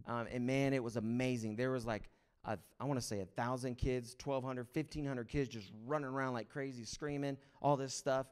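A man, a pastor and a father, preaching a casual sermon, telling stories and acting out other people's excited lines. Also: medium pitch, smooth. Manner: casual storytelling with excited acted-out quotes. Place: church sanctuary.

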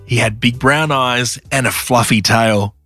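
A man narrating a children's story with a gentle, sing-song storytelling manner. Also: medium pitch, a little slow, no echo, faint music behind. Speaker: storyteller and producer.

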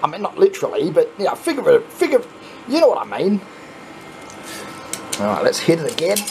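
An Australian man hosting a coin pusher channel, chatting casually and swearing when excited as he plays. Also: a little high, brisk, creaky, noisy background. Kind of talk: casual commentary while playing. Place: arcade coin pusher machine.

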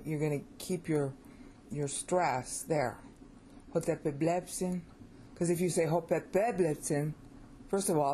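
A woman's voice: deep voice, dark tone, a little hiss or hum. An American woman giving an informal pronunciation lesson, opinionated and repeating words as she thinks aloud. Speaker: language teacher.

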